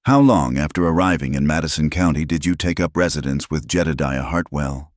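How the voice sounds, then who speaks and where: A man's voice: very deep voice, a little fast, no echo, studio quality. A man playing a cold, sneering defense lawyer cross-examining a witness.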